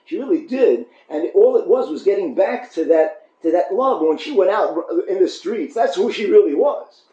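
Man lecturing on Torah, mellow tone, restarting phrases, echoey room, dull muffled sound. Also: high-pitched, moderate pace. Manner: repetitive restarts, animated storytelling. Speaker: rabbi giving a Torah class.

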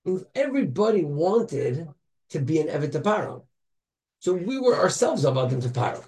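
Animated man explaining a Torah idea. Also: on the high side, normal speed. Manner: animated, rhetorical questions, mixes Hebrew and Yiddish terms. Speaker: Torah study group member sharing an idea. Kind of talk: casual Torah discussion.

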